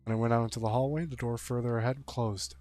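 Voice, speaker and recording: A man's voice: mid-range voice, fairly even intonation, quick pace, darkish tone. Exasperated, swearing game streamer man. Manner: exasperated, profane running commentary. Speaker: streamer playing a visual novel. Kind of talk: reading game text aloud with reactions.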